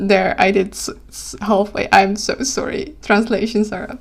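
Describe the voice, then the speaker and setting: A woman's voice: medium pitch, little pitch movement, a little slow, creaky. A young Dutch woman with a Dutch accent, streaming live. She sounds tired, giggles often, and keeps correcting herself and apologizing as she chats casually. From Netherlands.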